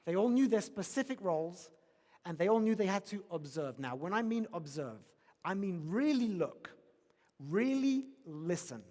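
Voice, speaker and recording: High-voiced man giving a keynote. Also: very animated, moderate pace, darkish tone. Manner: emphatic, rhetorical questions, repeats key phrases. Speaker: keynote speaker. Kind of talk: motivational conference keynote. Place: large conference hall. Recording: long reverb of a large hall.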